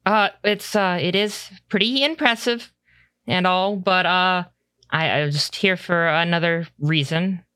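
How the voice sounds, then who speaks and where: A game master voicing Valerie, a hesitant young adventurer woman who talks in halting starts full of fillers and restarts. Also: medium pitch, bright, forceful tone, smooth, dry recording, clean studio sound, pitched above the performer's own voice. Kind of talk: tabletop role-play in character.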